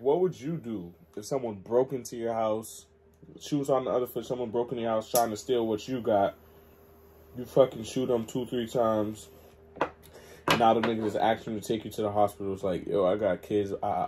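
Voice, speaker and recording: A man's voice: medium pitch, steady tone, normal speed, darkish tone, slight background noise. A man hosting a reaction video, commenting emphatically in slang.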